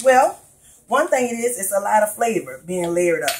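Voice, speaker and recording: Speaking at a normal speed with a medium-pitched, animated and somewhat mellow voice, a cooking vlogger from New Orleans, judging by her accent, guides viewers through a recipe in her home kitchen. The casual video has low-quality recording.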